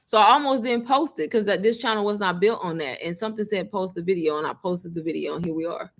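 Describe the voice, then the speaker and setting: A woman, casually telling her viewers a story, chatty and animated, often laughing. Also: mid-range voice, quick pace. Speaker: online business creator.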